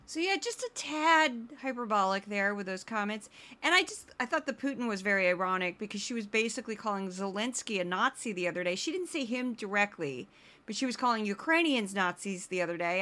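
A woman hosting a podcast of comedic political commentary, talking in a sarcastic, animated way. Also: mid-range voice. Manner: sarcastic and animated, slips into voices. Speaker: podcast host.

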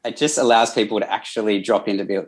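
Thoughtful low-voiced Australian man. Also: steady tone, quick pace, breathy edge. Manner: thoughtful, earnest explaining. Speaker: counsellor and guest. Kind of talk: casual conversational interview.

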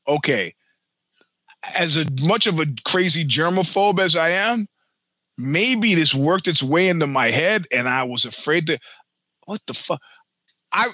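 A man's voice: fairly high pitch, sharp tone, dry recording. A man around sixty, a podcast host, telling a long personal story in a rambling, profane, self-mocking way.

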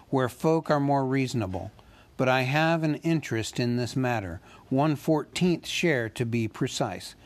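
A man voicing a fussy, polite male hobbit who talks in a businesslike way and squeaks when nervous. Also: darkish tone, lightly acted.

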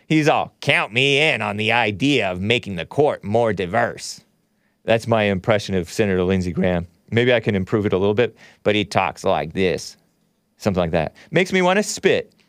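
Male call-in host, mocking and sarcastic, ordinary pitch, close dry studio mic. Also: dry recording. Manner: sarcastic, mocking, reads headlines and scoffs. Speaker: radio talk show host. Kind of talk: call-in political talk show commentary.

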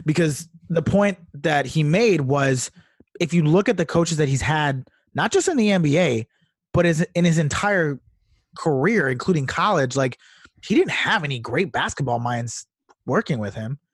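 A man co-hosting a casual sports podcast, talking in a quick, excitable, animated way. His voice sits a bit high for a man, and the sound is dry and close with no room echo. He swears freely as he talks. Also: slightly rough. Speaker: podcast co-host. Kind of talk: casual chat.

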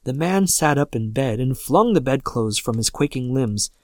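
A man narrating a classic horror story aloud with measured, steady storytelling. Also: mid-range voice, dry recording, studio quality.

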